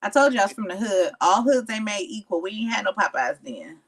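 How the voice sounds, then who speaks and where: A woman's voice: mid-range voice, big pitch swings, brisk, slightly rough. A woman guesting on a podcast, talking bluntly and playfully with plenty of swearing. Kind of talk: casual podcast chat.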